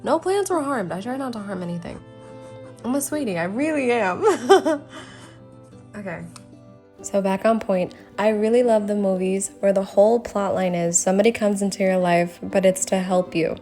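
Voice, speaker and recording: Faint music plays behind a young woman whose dark-toned, mid-range voice moves at normal speed. She's an artist vlogger chatting through her sketchbook, self-conscious and rambling, often dissolving into embarrassed giggles.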